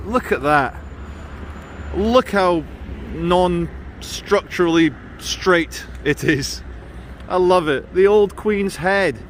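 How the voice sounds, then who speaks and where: A man's voice: a little high, fairly bright tone, slight background noise. Chatty man giving a walking city tour. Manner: chatty, jokey tour-guide commentary. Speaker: vlogger. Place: outdoors in a city.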